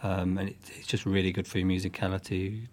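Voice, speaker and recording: A guest musician from northwest England discusses his music in a relaxed, casual interview. His voice is fairly low and he talks fast, speaking thoughtfully with soft fillers and often circling back to restart phrases.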